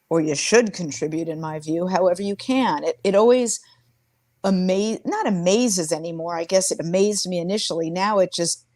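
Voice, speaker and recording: A woman's voice: on the low side, a little mellow, dry recording. Woman in her 60s telling stories in an interview, earnest, restarts a lot, dry close sound. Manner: earnest and reflective, with frequent restarts. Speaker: interview guest, former sports team executive. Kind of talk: conversational interview storytelling.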